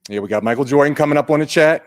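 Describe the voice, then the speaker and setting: A man presenting at an online training day, unhurried and conversational, putting questions to his audience. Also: on the high side.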